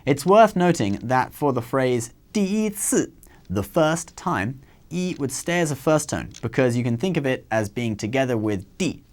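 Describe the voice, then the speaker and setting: A man teaching a scripted language lesson, his pitch rising and falling a lot as he models the tones. He sits at a middle pitch and explains each rule in a clear, careful way. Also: expressive, darkish tone. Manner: clear, careful explanations with drawn-out example words. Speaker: host and Chinese language teacher.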